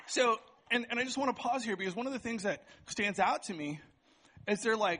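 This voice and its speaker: A man's voice: high voice, a little fast, pushed and bright. A man preaching to a church congregation, casual and chatty, often checking in with "right?" as he runs a live object lesson. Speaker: pastor. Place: church sanctuary with band.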